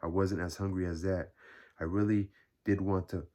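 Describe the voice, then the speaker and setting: Man reading as a tormented young man, weary, despairing, ironic, low voice. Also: steady tone, moderate pace, mellow, natural voice.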